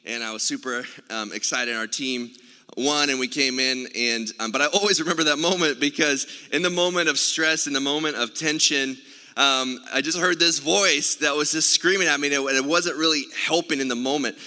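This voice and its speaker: Bright-voiced male pastor in a reverberant hall. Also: fairly high pitch, moderate pace. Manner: conversational storytelling, many filler sounds. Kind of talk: sermon. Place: church sanctuary.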